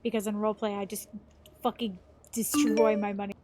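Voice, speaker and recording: A woman's voice: medium pitch, level tone, a little fast, over a noisy crowd. A woman streamer chatting casually on a live stream, swearing freely as she plays.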